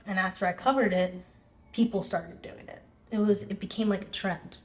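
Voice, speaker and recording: A young woman, a singer, talking casually in an interview, full of "like" and lively quoted reactions. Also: mid-range voice, moderate pace. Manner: chatty, fillers of "like", animated quoting of others. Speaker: singer guest. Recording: roomy echo.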